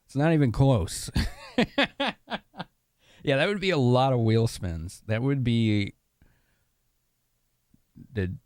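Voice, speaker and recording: A man's voice: mid-range voice, slow, pauses often, a little mellow, no room sound, studio quality. A young man from Chicago streaming a game, chatting casually with viewers and laughing often. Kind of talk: casual live-stream commentary.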